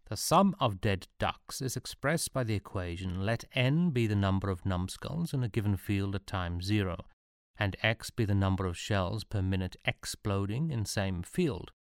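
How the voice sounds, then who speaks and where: An eccentric Prussian artillery officer, voiced by a man lectures in a brisk, deadpan tone. His voice is fairly low and recorded dry, with no room around it. He suits a storybook reading. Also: no room sound. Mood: lecturing.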